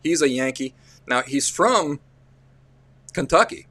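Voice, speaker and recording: A man's voice: on the high side, expressive, slow, sharp tone, no echo. Rambling Appalachian man telling stories. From central Appalachia. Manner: rambling, folksy, restarts often. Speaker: livestream host. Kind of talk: casual livestream storytelling.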